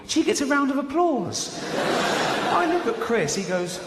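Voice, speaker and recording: A man's voice: very high-pitched, a little slow, background noise. A man doing stand-up, telling a story and acting out the voices of the people in it. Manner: animated, acts out voices, laughs often. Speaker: stand-up comedian. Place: large hall before a live audience. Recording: live hall recording with audience.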